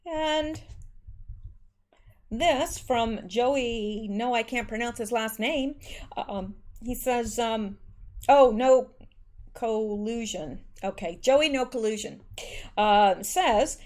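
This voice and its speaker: A woman's voice: on the high side, takes it slowly, a little mellow. A woman hosting a political commentary show, reading news articles aloud and adding sarcastic, scornful asides with many fillers. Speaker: political commentary channel host.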